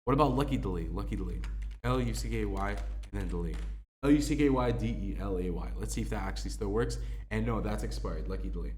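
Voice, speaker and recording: A man's voice: deep voice, a little hiss or hum. A young man casually testing game codes, spelling them out letter by letter, with many ums and uhs. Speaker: gaming YouTuber. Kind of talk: casual game code walkthrough.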